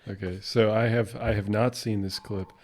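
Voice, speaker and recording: A man co-hosting a casual podcast, reacting with slow remarks and frequent laughs. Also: lowish voice, steady tone. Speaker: podcast co-host.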